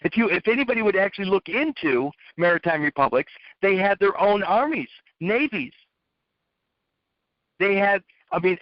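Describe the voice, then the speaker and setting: High-pitched man lecturing in rhetorical questions. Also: no echo. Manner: asks rhetorical questions and repeats phrases. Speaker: speaker. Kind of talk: lecturing monologue. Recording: dull, dry lo-fi recording.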